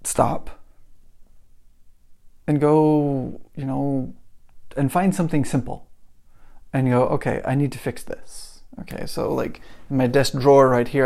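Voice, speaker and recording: A man with a gravelly, creaky edge to his voice hosts a solo podcast from his desk. He talks casually and rambles a bit, restarting his sentences as he works through his examples. His pitch sits in an ordinary middle range. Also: mellow. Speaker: podcast host.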